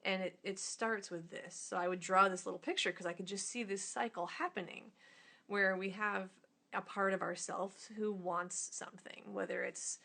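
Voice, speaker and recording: Lady talking thru her drawing, loose and rambly, bit of vocal fry. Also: mid-range voice, fairly even intonation, normal speed, bright, forceful tone. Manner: informal, rambling, with many fillers. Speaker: illustrator and author. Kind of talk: casual explanation while drawing.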